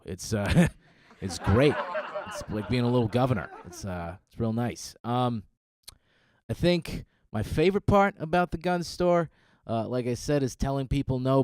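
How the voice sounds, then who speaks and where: A man works a live crowd in a stand-up set, talking in a lowish, unhurried deadpan full of ums. His voice sits close and dry on a handheld mic. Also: no echo. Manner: laid-back, deadpan with frequent ums. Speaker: stand-up comic. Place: comedy stage before live audience.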